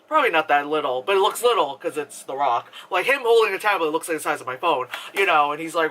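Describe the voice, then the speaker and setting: A man's voice: a little high, expressive, fast, few pauses, sharp tone. A man giving a casual, rambling movie review, full of fillers and swearing. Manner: rambling, filler-heavy, profane.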